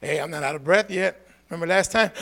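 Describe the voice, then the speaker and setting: With noticeable vocal fry, a man preaches a lively call-and-response sermon, moving from low asides to shouted calls for a response.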